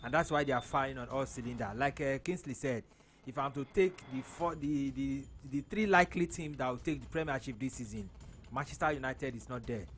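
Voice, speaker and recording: A man gives opinionated football analysis on live radio, stumbling and restarting as he goes. His voice sits at a middle pitch, with a faint hum behind it. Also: brisk. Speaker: studio football pundit.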